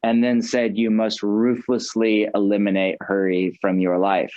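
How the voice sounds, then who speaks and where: A man's voice: on the low side, a little slow, dry recording. Chatty American man, dry muffled sound. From United States. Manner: animated, chatty, many "like"s. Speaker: guest author. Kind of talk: casual interview chat.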